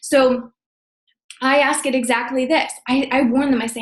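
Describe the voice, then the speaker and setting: A woman's voice: high-pitched, steady tone. A woman coaching her sales team in a casual, upbeat way, often checking in with "okay?". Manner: upbeat, talks fast with frequent "okay?" check-ins. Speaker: team leader training sales associates. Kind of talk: casual training talk. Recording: echoey room.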